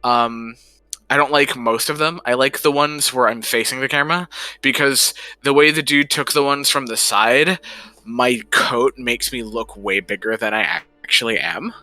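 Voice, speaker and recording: A man's voice: mid-range voice, normal speed, sharp tone, no echo. A man livestreaming, chatting casually in a rambling way and swearing freely. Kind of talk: casual chat.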